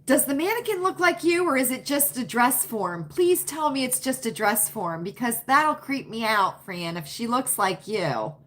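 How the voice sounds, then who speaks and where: A woman's voice: a little high, expressive, moderate pace, few pauses, fairly bright tone. A woman hosting a live stream, chatting folksily with viewers and answering their comments by name. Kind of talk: casual chat with live viewers.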